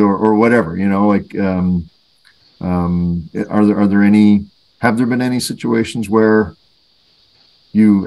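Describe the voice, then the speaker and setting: A Canadian man hosts a podcast interview in a lowish voice. He asks his questions with a lot of hesitation and filler words. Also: a little mellow. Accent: Canadian English. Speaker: podcast host.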